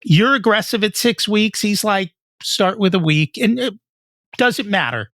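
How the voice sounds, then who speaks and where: A man hosts a business podcast, his voice slightly high and recorded close and dry. He reflects and asks his questions in a measured, conversational way. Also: animated, fairly bright tone, no room sound. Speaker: podcast host. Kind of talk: conversational interview.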